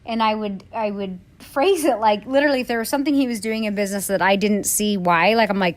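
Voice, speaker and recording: A woman's voice: medium pitch, quick pace, hardly any pauses, no echo. A woman in her thirties, a salon owner talking candidly in a casual podcast chat, rambling with lots of fillers and the odd swear word.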